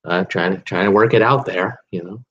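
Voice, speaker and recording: A man's voice: low-pitched, fairly quick, a bit bright, dull audio. A man from Canada hosting a casual live cruise show, chatty and rambling with lots of fillers. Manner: chatty, rambling, self-deprecating, many fillers. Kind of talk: casual live-stream chat.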